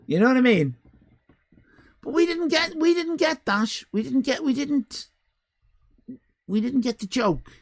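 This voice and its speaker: A woman's voice: on the high side, big pitch swings, measured pace, gravelly, darkish tone, slightly rough, no echo. An Irish woman hosting a live stream, chatting casually with viewers in cheeky, rambling banter and frequent swearing. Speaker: livestream host.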